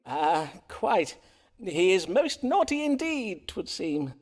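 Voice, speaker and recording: A man's voice: high voice, big pitch swings, slow pace, full character voice. A man voicing a pompous, bluffing Elizabethan quack doctor in a game, speaking in theatrical old-fashioned phrasing. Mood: sly. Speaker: game character. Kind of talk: game voice acting.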